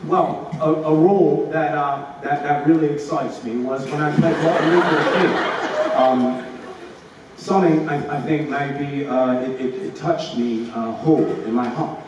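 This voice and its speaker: A man speaking as an actor on a press panel, halting with many fillers and restarts. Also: on the high side, fairly even intonation. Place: large convention hall. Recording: echoey hall, far from mic, faint hiss.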